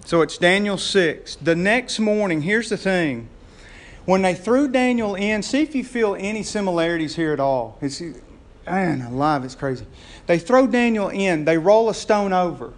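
A man with a high-pitched voice preaches a sermon. He tells the story in a lively way, chuckles often and keeps asking his listeners questions. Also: normal speed. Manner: lively storytelling with frequent laughs and rhetorical questions. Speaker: pastor.

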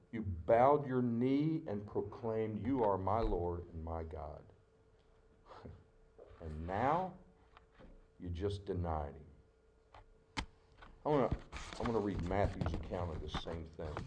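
Male pastor, middle-aged, low-pitched, emotional sermon delivery. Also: expressive, slow, pauses often, slight background noise. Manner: emotional, dramatic delivery with sudden loud outbursts and hushed asides.

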